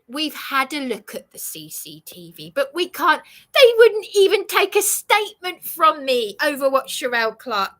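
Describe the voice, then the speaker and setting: Woman, high bright voice, wildly swinging pitch, indignant ranting monologue, swearing. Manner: indignant, swearing, voice rising to shouts. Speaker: vlogger.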